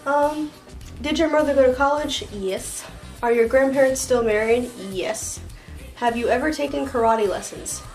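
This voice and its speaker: A young Floridian woman chats her way through a list of questions, tossing in fillers as she rambles. Her voice sits a little high. Soft music plays faintly behind her. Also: moderate pace, low-quality recording. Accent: Floridian American. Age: young adult. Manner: chatty and rambling, many "like" and "um" fillers. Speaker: vlogger. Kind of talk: casual tag-video chat.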